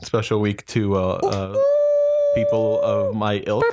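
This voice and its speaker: A young man co-hosts a casual podcast chat. His voice is low, and he talks in a laid-back way with easy laughs. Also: wildly swooping pitch, measured pace, heavy background noise. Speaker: podcast co-host, game master.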